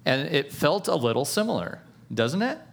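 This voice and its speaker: A man's voice: on the high side, big pitch swings, normal speed, vocal fry, slight background noise. A man preaching a sermon in a playful, conversational way, with self-aware jokes and asides to the listeners. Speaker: pastor.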